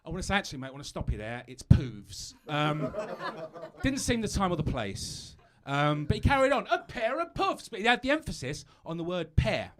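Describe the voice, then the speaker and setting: A man's voice: on the high side, very animated, a little fast, few pauses. A British man doing a stand-up comedy set on a live stage, chatty and self-mocking, stumbling over asides.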